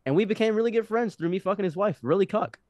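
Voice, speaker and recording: A young man in his twenties, a podcast guest telling a story in casual conversation, animated and often restarting his sentences. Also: high-pitched, quick pace, no echo. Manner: animated, with frequent restarts and acted-out quotes.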